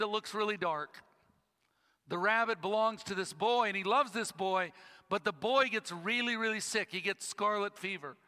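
A man preaches with a high, bright voice, slowing into dramatic pauses as he tells a story. His words ring out with a long reverb in a church hall. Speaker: pastor. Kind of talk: sermon.

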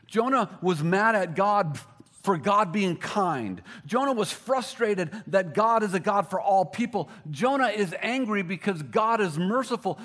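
A man preaching a sermon, moving between emphatic repetition and quiet, intense asides. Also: sits high. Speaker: pastor.

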